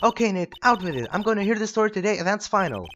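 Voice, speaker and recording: A man's voice: sits high, expressive, quick pace, fairly bright tone, a little hiss or hum, voice pushed up. A man voicing a cheerful, pushy young female sidekick in a game. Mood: curious.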